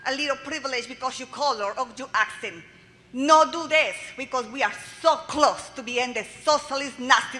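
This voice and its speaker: A woman's voice: high-pitched, sharp tone. A woman from Colombia with a Colombian Spanish accent, a native Spanish speaker giving fervent public testimony in broken English. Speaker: public commenter. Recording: echoey hearing room with faint hiss.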